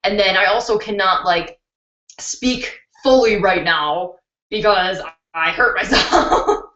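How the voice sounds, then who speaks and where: Speaking slowly in a mid-range voice that sounds pushed and bright, this young woman runs a beauty live stream indoors at home. She takes viewer questions in a casual, candid way and laughs readily. Her computer's built-in mic gives the audio a dull, roomy quality.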